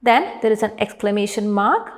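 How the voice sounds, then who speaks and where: A woman teacher giving an online class lesson, stretching out words slowly as she models their pronunciation. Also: mid-range voice, expressive. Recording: echoey room with long reverb.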